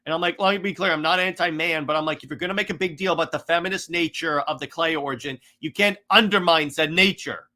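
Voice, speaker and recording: A man's voice: on the high side, fast talker, hardly any pauses, bright, forceful tone. A man giving a casual, exasperated critique of a comic run, rambling with frequent restarts.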